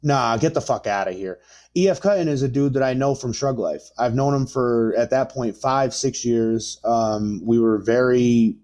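A man in his thirties telling a story in casual, profane chat, rambling with lots of fillers and getting animated. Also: medium pitch, moderate pace, few pauses. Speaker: podcast guest.

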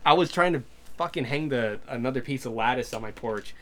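A man's voice: medium pitch, fairly quick, bright, forceful tone. A man chatting casually with friends, rambling and swearing heavily as he tells stories. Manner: rambling, heavy swearing, laughs a lot. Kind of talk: casual chat among friends.

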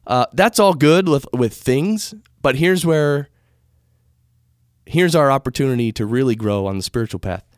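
An American podcast host with a mid-range voice talks casually about spirituality into a studio microphone. His delivery rambles, stays conversational, and includes frequent self-corrections. Clean studio sound, no echo.

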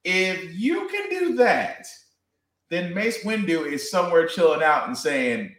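A man co-hosting a podcast, chatting casually and telling his points with emphatic, animated delivery. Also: sits high, a little slow, roomy sound. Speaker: podcast co-host. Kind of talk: casual chat.

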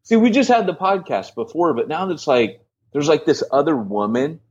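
Man, podcast co-host, playful teasing, lively pitch, slightly muffled recording. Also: slightly rough. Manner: teasing, playful, quick to joke. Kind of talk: casual banter.

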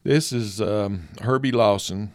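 A slow, lowish, slightly mellow voice belongs to an older photographer telling folksy anecdotes as a guest in conversation, with plenty of fillers. The recording has no room sound.

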